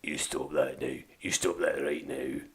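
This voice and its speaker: A man putting on a stern, deep-voiced Scottish man ordering children to bed, gruff and commanding. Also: steady tone, a little slow, a bit bright, a little hiss or hum. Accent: put-on Scottish.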